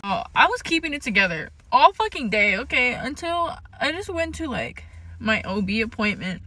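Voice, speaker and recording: A woman's voice: fairly high pitch, very animated, moderate pace, pushed and bright, no echo. A young woman in a confessional vlog, tearful and shaky, rambling with many fillers and swear words. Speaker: vlogger.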